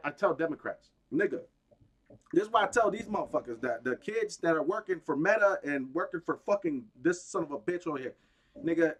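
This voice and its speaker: Brief: male streamer, higher voice, swearing rant, lively and hot-headed. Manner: profane, heated, rambling with restarts. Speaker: gaming streamer.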